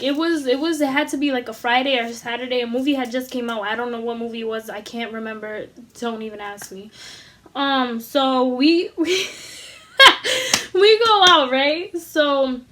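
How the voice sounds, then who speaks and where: A young woman tells a casual storytime in a high voice, animated and full of slang and swearing. She acts out what everyone said as she goes. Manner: acts out dialogue in quoted voices. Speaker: vlogger.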